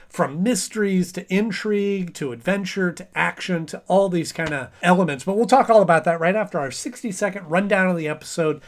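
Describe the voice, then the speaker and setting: Man in his thirties, cartoon review host, slightly high voice, casual chat, playful. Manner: chatty, acts out quotes in funny voices.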